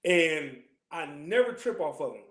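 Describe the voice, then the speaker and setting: Casting: high-voiced man, quick streetwise scripture class teacher, joking, echoey room. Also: big pitch swings. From California. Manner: loose, joking, streetwise slang, constant check-ins with listeners. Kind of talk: casual scripture class talk.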